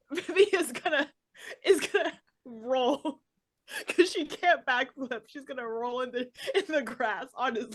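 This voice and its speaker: A woman playing a tabletop game, with a high voice and a giggly, excitable way of talking. She describes her character's actions in quick, laughing bursts. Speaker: player. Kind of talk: casual tabletop play.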